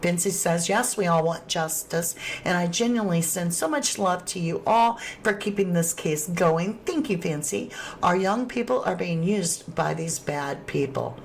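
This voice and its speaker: A woman's voice: on the low side, unhurried, gravelly, few pauses, a little hiss or hum. A woman hosting a true crime livestream, reading viewer chat aloud in a casual, affectionate way. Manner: affectionate, calls viewers sweetheart and lovelies.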